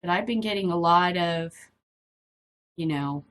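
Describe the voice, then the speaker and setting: A middle-aged woman with a low-leaning, fairly bright voice speaks unhurriedly while hosting a casual vlog. She reads the news and comments on it bluntly, swearing, rambling, and easily drifting off topic.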